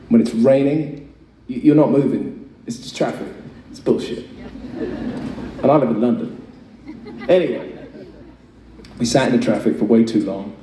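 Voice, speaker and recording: On stage between songs, a singer in his thirties with a medium-pitched voice tells a chatty, self-mocking story to a concert crowd, swearing freely. He's heard through a PA in a large venue, captured in an echoey, distant audience recording with loud ambience and a little hiss or hum.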